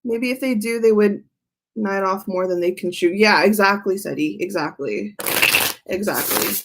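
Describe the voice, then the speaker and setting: A woman's voice: medium pitch, moderate pace, noisy background. Chatty woman giving a tarot reading. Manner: chatty, laughs often, reads chat aloud. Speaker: tarot reader streamer. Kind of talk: live-stream tarot reading.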